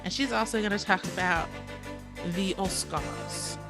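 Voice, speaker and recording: A woman co-hosting a podcast, chatty and excitable, rambling a little as she talks. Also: medium pitch, measured pace, over music. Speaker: podcast co-host. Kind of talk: casual podcast chat.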